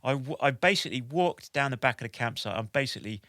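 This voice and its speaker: A man in his forties, a podcast guest telling a lively anecdote in an animated way, with lots of "like" and "basically". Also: mid-range voice, fast talker, no echo, clean studio sound. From United Kingdom. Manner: animated, with many "like" and "basically" fillers. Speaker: podcast guest, military veteran.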